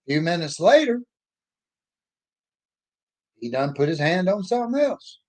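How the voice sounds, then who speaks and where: A man's voice: high-pitched, sing-song, unhurried, a little mellow. Blunt man telling a story. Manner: folksy, blunt, opinionated. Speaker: author and speaker. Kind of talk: storytelling monologue.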